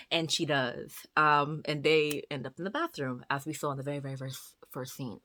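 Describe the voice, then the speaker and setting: A woman chatting casually through a book review, animated and talkative, acting out the characters as she retells the plot. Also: sits low. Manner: animated, chatty, quick asides and voiced retellings.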